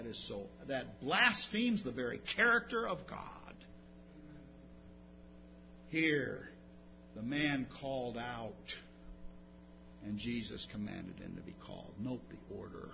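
A man preaching a sermon, moving from quiet explanation to loud, emphatic declarations. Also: mid-range voice, very animated, measured pace, vocal fry. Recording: dull lo-fi sound with faint hum.

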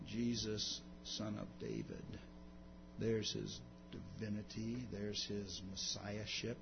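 Man preaching, rising and falling in force. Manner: swings from loud emphatic preaching to low intimate storytelling. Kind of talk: sermon. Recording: dull lo-fi recording with background hum.

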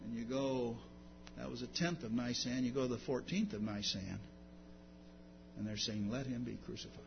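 A man preaching a sermon, moving from quiet explanation to loud, emphatic declarations. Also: medium pitch, moderate pace, vocal fry. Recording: dull lo-fi sound with faint hum.

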